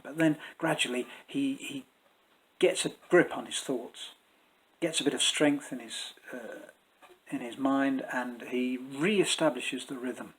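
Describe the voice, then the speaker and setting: A man teaching Shakespeare's verse in a measured, explanatory way, pausing to think as he goes. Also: mid-range voice, a bit bright, breathy edge, rough recording. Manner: measured and explanatory, with thoughtful pauses and fillers. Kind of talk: spoken lesson to camera.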